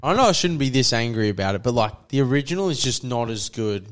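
A man's voice: medium pitch, expressive, fast talker. A young man with a mid-range voice co-hosts a casual podcast. He tells long stories about his friends and acts out what they said. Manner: rambling storyteller, many fillers, quotes friends. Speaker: podcast co-host. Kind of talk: casual chat.

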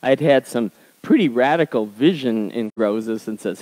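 A male pastor preaching in a relaxed, conversational way at a middle pitch. He pushes his voice up for emphasis, then drops into soft, low asides while telling personal stories. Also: a little fast, rough recording. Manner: conversational storytelling, swinging between emphatic highs and quiet asides. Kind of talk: sermon.

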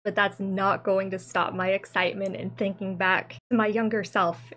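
A woman's voice: mid-range voice, level tone, normal speed, hardly any pauses, fairly bright tone. A woman in her late twenties talking through a let's play video in a chatty, rambling way, nostalgic about her teenage years. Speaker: gaming creator. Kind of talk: casual let's play commentary.

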